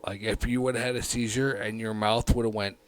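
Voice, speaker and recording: A man's voice: fairly low pitch, normal speed, faint music behind. Profane man rambling through a story. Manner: profane, rambling anecdote with frequent fillers; animated, swings between hushed and loud. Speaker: livestream host. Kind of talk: casual livestream storytelling.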